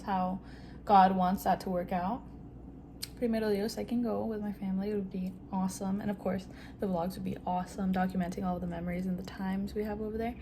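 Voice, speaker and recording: A woman's voice: medium pitch, background noise. A woman in her twenties talking casually to camera in a chatty, upbeat vlog, giving advice and slipping in Spanish words. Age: 20s. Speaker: vlogger. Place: home kitchen.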